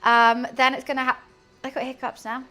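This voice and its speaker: A woman's voice: high-pitched, little pitch movement, normal speed, sharp tone, soft background music. A young woman streaming from her home kitchen, chatting casually as she cooks. She giggles often and keeps losing her train of thought. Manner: chatty, giggly, easily distracted. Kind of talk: casual live-stream cooking chat.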